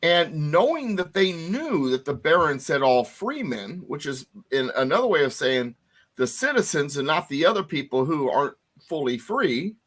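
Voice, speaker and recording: A man's voice: on the high side, very animated, moderate pace, fairly bright tone. A man giving a class lecture, explaining and stressing key words, with many fillers and restarts. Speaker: constitution teacher.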